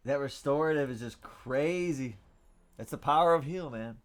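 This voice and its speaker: A young man streaming a card game, casual and excitable, muttering to himself and then breaking into loud shouts. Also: medium pitch, moderate pace. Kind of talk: casual gameplay commentary.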